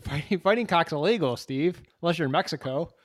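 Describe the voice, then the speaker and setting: A man's voice: on the high side, expressive, a little fast, faint music behind. A man co-hosting a podcast in casual chat, laid-back and rambling with lots of fillers. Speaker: podcast co-host.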